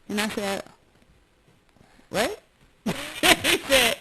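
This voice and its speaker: A woman's voice: medium pitch, lively intonation. Brash, candid woman hosting a chat. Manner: brash, candid storyteller, quick to laugh at herself. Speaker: podcast host. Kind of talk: casual chat. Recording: loud background noise.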